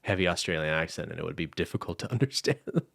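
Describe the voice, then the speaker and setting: A young man with a deep, gravelly voice, recorded dry and close with no room sound. He talks in a loose, rambling way as a podcast co-host and laughs often. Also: lively intonation, quick pace, a bit bright, no room sound. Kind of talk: casual chat.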